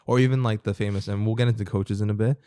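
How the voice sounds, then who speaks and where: A man's voice: fairly low pitch, steady tone, fast talker, dark tone, clean tone, no echo, studio quality. A young man co-hosting a podcast, chatting casually, rambling with lots of fillers and freely swearing. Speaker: podcast co-host. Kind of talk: casual chat.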